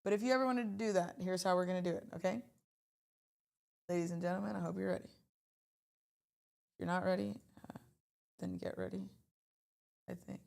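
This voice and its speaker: A woman's voice: lowish voice, normal speed, creaky, pauses often. Chatty woman hosting a trading livestream. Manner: chatty, animated, talks to chat. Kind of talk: casual livestream chat.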